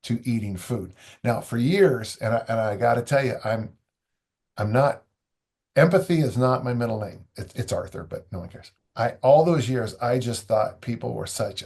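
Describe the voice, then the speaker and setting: A man's voice: medium pitch, lively intonation, moderate pace, creaky, a little mellow, slightly rough. A man, a strength coach guest, talking in a loose, rambling way with dry humor. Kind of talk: conversational interview.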